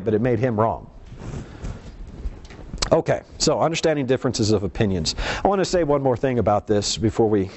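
A man preaching to his congregation at an ordinary middle pitch. He talks conversationally and keeps asking the listeners rhetorical questions. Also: darkish tone, slight background noise. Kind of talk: sermon.

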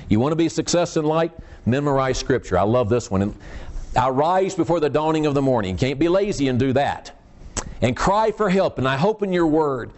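A man's voice: medium pitch, a little mellow. A male preacher delivering a sermon in an emphatic, folksy, self-deprecating way. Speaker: preacher teaching a class.

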